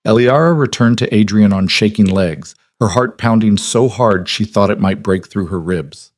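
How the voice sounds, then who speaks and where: A man narrating a historical romance audiobook in a measured, dramatic storytelling voice. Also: lowish voice, dry recording.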